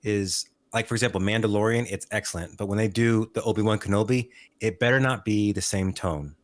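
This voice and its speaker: A man co-hosting a podcast in casual chat, giving opinions in a measured way and repeating words as he thinks. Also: lowish voice. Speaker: podcast co-host.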